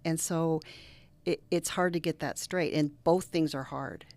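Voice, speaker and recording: Low, gravelly middle-aged woman telling stories. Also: measured pace, a little hiss or hum. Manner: earnest, animated storyteller who drops to soft near-whispers. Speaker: reverend and guest. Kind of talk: interview conversation with personal storytelling.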